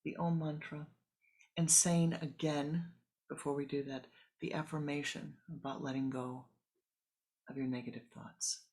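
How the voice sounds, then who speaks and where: A spiritual teacher giving a sermon, telling a parable calmly and guiding a meditation. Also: medium pitch. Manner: calm, measured storytelling with pauses.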